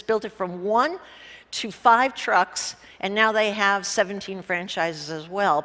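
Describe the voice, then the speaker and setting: A woman of middling pitch tells stories about business with blunt humor and the odd curse. She speaks to a live conference audience. Her voice trails off into the long reverb of a large hall. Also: a bit bright. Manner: blunt and joking, with casual profanity. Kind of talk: humorous storytelling talk.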